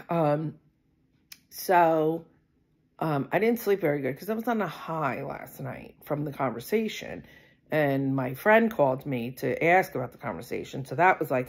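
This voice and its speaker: A woman's voice: very deep voice, vocal fry, breathy edge. A middle-aged woman vlogging, telling a personal story in a rambling, casual way with lots of fillers and asides.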